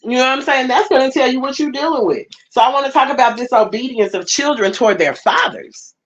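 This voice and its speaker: A woman's voice: high voice, fast. Emphatic woman preaching, lo-fi. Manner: emphatic, repeats phrases, talks directly to the congregation. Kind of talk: sermon.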